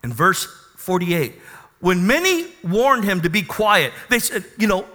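Lively, bright-voiced male preacher. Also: sits high, measured pace, long reverb tail. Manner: preaching with call-and-response, acting out Bible figures. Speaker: pastor. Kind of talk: sermon. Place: church.

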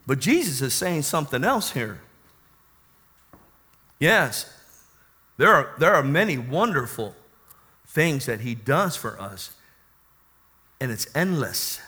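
A man preaching a sermon who calls out to the congregation for amens and swings between quiet teaching and loud, rising exclamations. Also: medium pitch, very animated, slow pace, pauses often, slightly rough. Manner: call-and-response preaching, asks the congregation for amens.

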